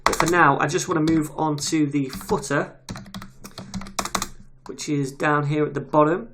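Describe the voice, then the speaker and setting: Easygoing male tutor voicing a screen recording, relaxed and chatty, keyboard clicks underneath. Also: on the high side, a little slow. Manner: casual, chatty, reads details aloud while typing. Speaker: web development tutor. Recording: audible keyboard typing noise. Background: keyboard clicks and typing.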